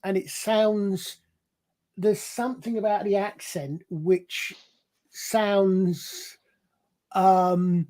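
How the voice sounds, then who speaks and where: A man's voice: sits high, fairly even intonation, very slow, warm tone. A man in a casual panel chat, explaining things at length in a rambling, digressive way with many restarts. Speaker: panel guest.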